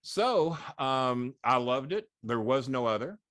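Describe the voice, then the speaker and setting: A man in his sixties tells wrestling stories as an interview guest, swearing freely and chuckling as he goes. His voice sits in an ordinary middle pitch. It's a dry, close recording with no room around it. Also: slow, no room sound. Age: 60s. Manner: profane, animated anecdotes with laughs. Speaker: guest, former wrestling manager. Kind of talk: storytelling interview.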